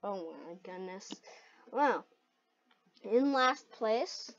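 Woman, gameplay commentary, excitable, slow-paced talk, dull lo-fi recording. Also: medium pitch. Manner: excitable, shrieks and laughs at close calls. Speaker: gaming video host. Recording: dull lo-fi mic.

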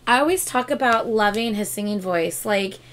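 Over the loud music of the video she's watching, a young woman offers casual reaction commentary, full of emotional gushing and frequent exclamations. She speaks at a normal pace in a medium-pitched voice.

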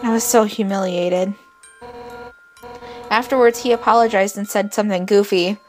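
A woman voicing a brash, hot-headed female fish warrior captain from a video game, blunt and boastful with gruff outbursts. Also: medium pitch, fairly even intonation, normal speed, darkish tone, faint music behind, lightly acted. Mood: earnest. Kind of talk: reading game dialogue aloud.

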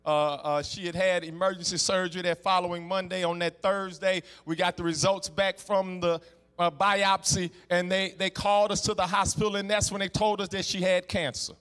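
A middle-aged man with a Southern US accent preaching in a Black church, emphatic, stammering repeats, a sing-song cadence that swings from hushed to shouting. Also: sits high, flat delivery, normal speed, clear, resonant tone, in a large hall. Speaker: guest preacher. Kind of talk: Black church sermon with call and response. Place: church sanctuary.

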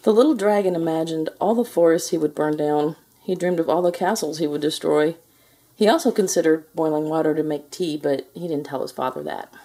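A woman reads a children's storybook aloud, lively and expressive. Her voice is mellow and soft, with a breathy edge. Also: low voice. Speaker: storybook reader.

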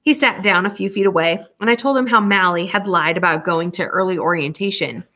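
A woman's voice: on the low side, fairly quick, bright, forceful tone. A woman reading a novel aloud, narrating in a casual, conversational first-person way. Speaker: audiobook reader.

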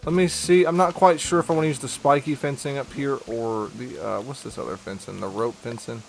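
A man's voice: mid-range voice, fairly even intonation, brisk, vocal fry, background noise. A young man chatting casually with his viewers while he plays a game and reads their messages, upbeat and slangy. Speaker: gaming streamer. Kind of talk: casual live-stream chat while playing.

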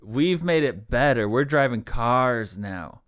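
A man's voice: mid-range voice, animated, takes it slowly, a bit bright. A man with an American accent co-hosting a podcast, joking and laughing often in casual banter. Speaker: podcast co-host.

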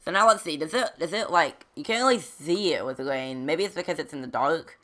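A woman's voice: low voice, fairly quick, a bit bright. A woman giving rambling let's play commentary as a gaming channel host, talking to herself as she plays and breaking into sudden squeals and yelps. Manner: chatty, rambling, talks to herself while playing.

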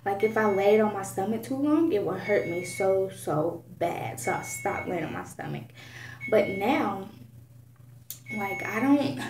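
Breathless woman telling a rambling story. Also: mid-range voice. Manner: rambling with fillers and restarts. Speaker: vlogger. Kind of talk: casual personal story. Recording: echoey room, far from mic, noisy.

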